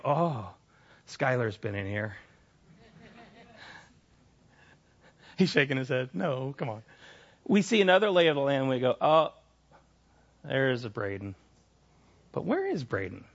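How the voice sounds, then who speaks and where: A man's voice: a little high, creaky, a bit bright, dull audio. A middle-aged man preaching a sermon, telling personal stories candidly with frequent restarts and repeated phrases. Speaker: pastor.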